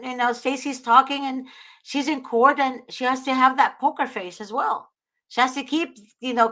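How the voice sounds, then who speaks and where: A woman's voice: a little high, a bit bright. A woman hosting a talk show, giving earnest, preachy advice and often invoking God. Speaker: host.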